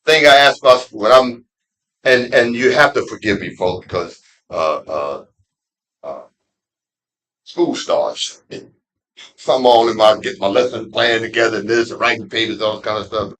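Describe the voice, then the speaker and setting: A middle-aged man, an imam giving a conversational Friday sermon with street slang, dropping to low asides and rising to loud emphatic peaks. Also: moderate pace, pauses often, low-quality recording. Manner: street slang and laughter mixed into preaching. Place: mosque.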